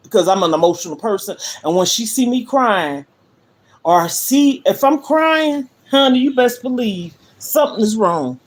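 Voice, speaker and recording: An older woman hosting a livestream from her living room, talking to viewers in an earnest, emphatic way. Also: fairly low pitch. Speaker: livestream host. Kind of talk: emotional livestream monologue. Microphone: phone livestream.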